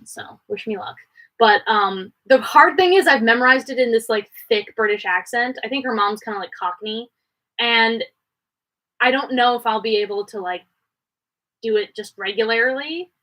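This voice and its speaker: Bright-voiced chatty woman from Canada. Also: low-quality recording. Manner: chatty and rambling, quick jumps in pitch. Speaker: livestream host answering viewer questions. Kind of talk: casual chat. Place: home studio.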